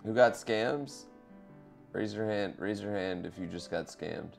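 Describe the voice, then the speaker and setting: A man's voice: fairly low pitch, unhurried, creaky, soft background music. A man chatting loosely to his viewers while playing a racing game, swearing and rambling in asides. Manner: loose, swearing, talks to chat. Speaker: streamer. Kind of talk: casual live-stream chat while racing.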